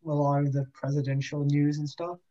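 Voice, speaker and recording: A man's voice: fairly high pitch, completely flat delivery, brisk, warm tone, dull audio. A teenage boy chatting casually on a student podcast, agreeable and asking the group questions. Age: teens. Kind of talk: casual chat.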